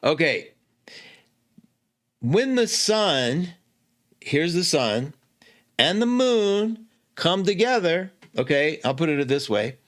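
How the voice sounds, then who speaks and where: Chatty, animated male astrology host. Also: a little high, slow, long pauses. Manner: chatty, animated, self-correcting with laughs. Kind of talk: casual teaching talk.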